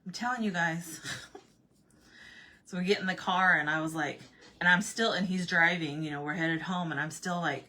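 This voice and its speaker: A woman with a slightly husky, bright-edged voice chats through a rambling personal anecdote. She sits on the lower side of the pitch range for a woman, keeps circling back with repeated phrases, and breaks into laughter as she talks, casual and chatty throughout. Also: normal speed. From Arizona. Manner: animated, repeats "I said", laughs often. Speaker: vlogger. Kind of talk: casual storytelling.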